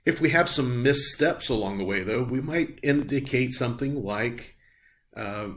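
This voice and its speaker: A middle-aged man teaching a recorded class on patient communication. His voice sits at an ordinary middle pitch. He explains each point plainly and often pauses on um and uh. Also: a bit bright. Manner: explanatory, frequent ums and uhs. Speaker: nursing instructor. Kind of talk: recorded lecture.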